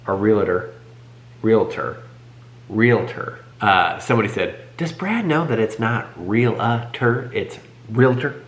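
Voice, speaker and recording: A young man co-hosting a family channel, telling a story in casual chat with animated, self-correcting delivery. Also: lowish voice. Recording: echoey room.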